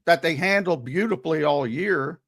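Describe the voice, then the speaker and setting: A man's voice: a little high, normal speed, fairly bright tone. A man co-hosting a sports talk show, arguing his points emphatically and often repeating words as he gets worked up. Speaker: co-host and sports analyst.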